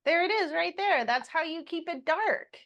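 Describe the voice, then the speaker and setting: A woman's voice: very high-pitched, lively intonation, normal speed, a bit bright, muffled recording. A woman podcast co-host in casual chat, summing up emphatically with short punchy remarks.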